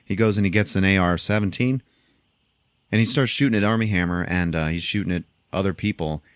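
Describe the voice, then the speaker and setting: A man hosting a podcast, casually retelling a movie plot with animated storytelling and frequent swearing. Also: sits low, brisk, clean tone, dry recording. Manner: animated storytelling, acts out quotes, swears freely. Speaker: podcast host.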